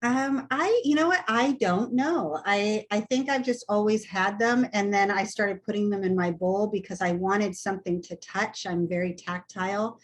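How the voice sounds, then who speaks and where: An older woman, a hospice nurse, talking frankly and plainly as a guest on a video call. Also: medium pitch. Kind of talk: casual chat on a video call.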